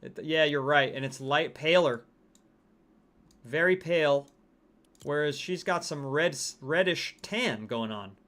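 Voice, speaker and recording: A man's voice: fairly high pitch, slow, a bit bright. A man hosting a game livestream, chatting casually and reading out viewer comments. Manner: chatty, reacting to game skins and chat. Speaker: livestream host.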